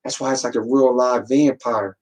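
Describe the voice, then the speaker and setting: Man, podcast host, casual motivational talk, repeats for emphasis, mid pitch. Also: steady tone, moderate pace, darkish tone, poor audio. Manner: preachy, repeats words for emphasis, acts out quotes.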